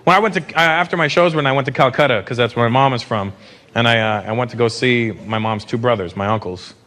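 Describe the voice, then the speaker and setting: A fast-talking man in his fifties from Canada, with a medium-pitched voice, works a theater stage as a stand-up comedian telling brash, profane stories. The live stage mic captures a loud audience's laughter and applause.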